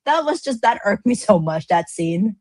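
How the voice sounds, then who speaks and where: A woman's voice: medium pitch, very animated, normal speed, darkish tone, no echo. A woman producer chatting as a podcast guest, hesitant with lots of uh's and restarts, laughing easily. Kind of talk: casual chat.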